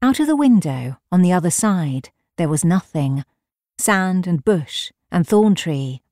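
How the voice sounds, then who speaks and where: Slow, low-voiced woman reading fiction. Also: big pitch swings, warm tone, no room sound, clean studio sound. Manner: measured, unhurried storytelling. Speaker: reader.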